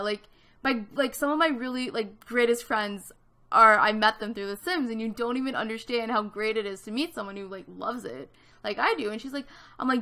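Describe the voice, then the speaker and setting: A chatty young woman in her twenties tells a rambling personal story while she builds in a game. Her voice sits a little high and sounds bright and forward. She leans on "like" constantly and slips into quoted voices as she talks. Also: fairly quick. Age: 20s. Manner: chatty, animated, lots of "like", acts out quoted voices. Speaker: YouTube Sims builder. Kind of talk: casual storytelling over a speed build.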